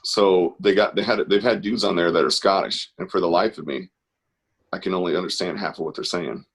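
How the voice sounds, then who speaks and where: A man's voice: sits low, a little fast, slightly rough. A man hosting an online art class on a video call, chatty and encouraging as he guides kids. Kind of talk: casual live-stream instruction.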